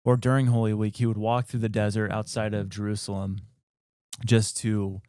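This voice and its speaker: A man's voice: on the low side, flat delivery, normal speed, dark tone, clean tone, dry recording, clean studio sound. A man hosting a podcast, retelling an old story in a loose, rambling way full of fillers. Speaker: podcast host. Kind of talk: casual storytelling.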